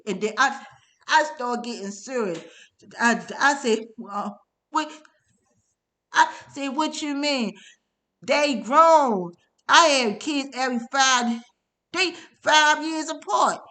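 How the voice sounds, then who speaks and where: A middle-aged woman with a noticeably high voice tells her personal story off the cuff. She rambles, stammers, swears freely and keeps checking in with tag questions. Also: takes it slowly, long pauses, bright, forceful tone. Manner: rambling and profane, with many stammers, filler sounds and tag questions. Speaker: testimony speaker.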